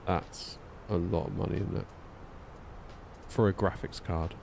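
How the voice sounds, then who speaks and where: A man's voice: deep voice, fairly even intonation, unhurried, creaky, background noise. A man chatting casually on a flight sim live stream, wry and a little tired, reading out chat messages as he goes. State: yawning, tired.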